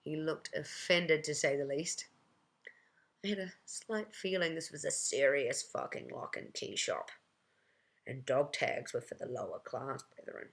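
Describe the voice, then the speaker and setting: A storyteller with a gravelly, creaky voice recounting a personal anecdote. The delivery is wry and conversational, with a mid-range pitch. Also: unhurried, fairly bright tone.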